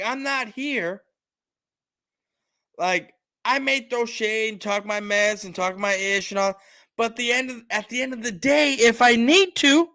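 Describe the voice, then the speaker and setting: A man's voice: high-pitched, sharp tone, dry recording. A man on a casual livestream, telling a family story bluntly and frankly, acting out the dialogue. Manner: self-described attitude, frank and profane. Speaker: show host.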